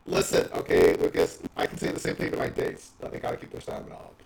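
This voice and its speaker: Quick-talking man teasing his co-host. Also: darkish tone, low-quality recording. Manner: teasing, joking interjections. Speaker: podcast co-host. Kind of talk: casual gaming podcast chat.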